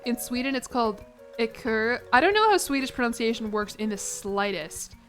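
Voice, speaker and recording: A woman's voice: fairly high pitch, animated, normal speed, faint music behind. A young woman streaming a game, rambling and giggling as she chats with her viewers. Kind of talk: casual chat to a live chat.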